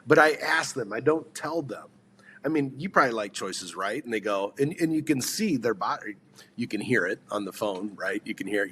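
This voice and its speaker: A man coaches on sales in a loose podcast conversation, his voice sitting at an ordinary middle pitch. He rambles, doubles back on his words and keeps throwing questions at whoever is listening. A faint hum of noise sits behind him. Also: lively intonation, moderate pace, a bit bright.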